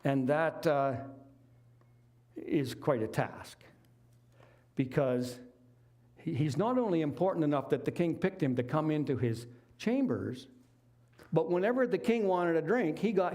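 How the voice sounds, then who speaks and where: A man's voice: fairly high pitch, darkish tone. Man preaching, folksy storytelling. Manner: storytelling, conversational retelling with folksy asides. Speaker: lay preacher. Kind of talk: sermon.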